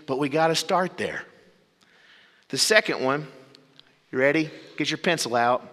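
A man preaching a sermon as pastor, with dramatic pauses and sudden drops to low, quiet phrases. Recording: long reverb of a big hall.

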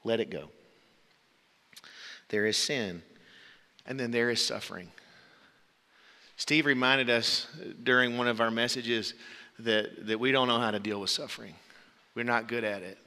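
A man's voice: medium pitch, measured pace, long pauses, in a large hall. A man preaching a sermon, earnest, telling stories to make his point. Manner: earnest, storytelling, shouts out quoted voices.

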